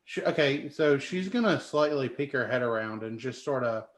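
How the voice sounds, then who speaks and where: Male player, mid-pitched, hesitant and unsure, roomy echo. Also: expressive, normal speed. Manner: hesitant, unsure, many fillers. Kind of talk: casual tabletop play.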